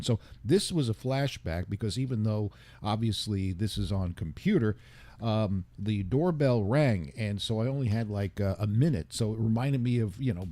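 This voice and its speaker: A man's voice: on the low side, dark tone, no echo. An older man hosting a radio show, chatting casually and rambling as he reads listener comments aloud. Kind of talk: casual DJ chat.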